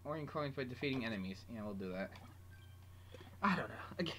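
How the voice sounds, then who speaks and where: A woman's voice: very deep voice, lively intonation, fast talker. A woman playing a video game with a friend, chatting casually, swearing often and bursting out in frustration. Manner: swears a lot, loud outbursts of frustration. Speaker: gamer. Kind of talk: casual co-op gameplay chat.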